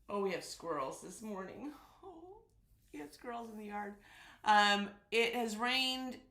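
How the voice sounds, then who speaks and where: A woman's voice: lowish voice, bright, forceful tone. A woman hosting a live sewing stream, chatting casually and greeting viewers by name, sounding congested. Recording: echoey room.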